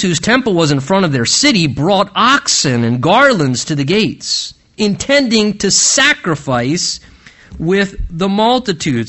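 A man preaching a sermon as pastor, earnest and emphatic, rising to high stresses and dropping to hushed low phrases.

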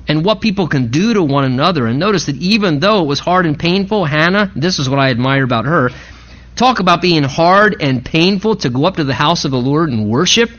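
A man preaching a sermon in an animated, conversational way, with frequent restarts. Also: high voice, dull audio. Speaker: pastor.

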